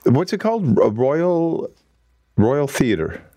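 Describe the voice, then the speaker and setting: A man's voice: fairly high pitch, big pitch swings, slow pace, dark tone, no room sound, dull audio. A man hosting a film segment in casual, rambling chat, often correcting himself. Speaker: host.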